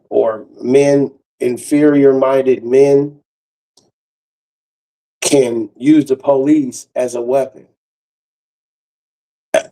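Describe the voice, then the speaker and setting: Profane storytelling man, mellow voice. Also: mid-range voice, rough recording. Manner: profane, animated, acts out voices of others. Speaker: comedian telling a story. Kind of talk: casual storytelling monologue.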